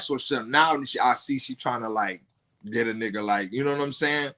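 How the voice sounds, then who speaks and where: Telling a personal story as a podcast guest, a man speaks in a bright, forceful mid-range voice. He's casual and profane, stumbling and restarting often.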